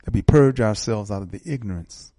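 A man's voice: fairly low pitch, brisk, warm tone, no room sound. An older man hosting a call-in radio talk show, speaking in a preacherly way with emphatic repetition.

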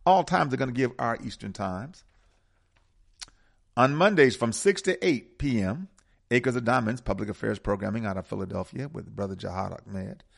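A man's voice: medium pitch, animated, vocal fry. A man hosting a radio talk show, speaking with an emphatic, preaching cadence and repeating key words. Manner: preaching cadence with dramatic pauses.

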